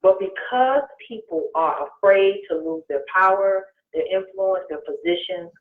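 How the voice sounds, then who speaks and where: A woman's voice: medium pitch, unhurried. An earnest woman guest speaks with emphasis, and her voice comes through thin and phone-like. There is a roomy echo around her, as on a remote call. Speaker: guest co-host. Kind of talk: casual political discussion.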